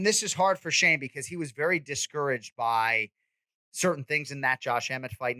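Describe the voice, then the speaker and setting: A man in his forties hosts a sports podcast. His voice is bright and forward, and he talks in a quick, animated way. The sound is dry and close to the mic. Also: medium pitch, no echo. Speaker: podcast host and MMA commentator. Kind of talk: casual sports chat.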